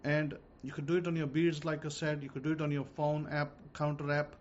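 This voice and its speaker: A man giving informal religious teaching, repeating himself and speaking slowly and deliberately. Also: fairly high pitch, level tone, darkish tone. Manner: repetitive, slow and deliberate when dictating words. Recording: dull lo-fi audio with faint noise.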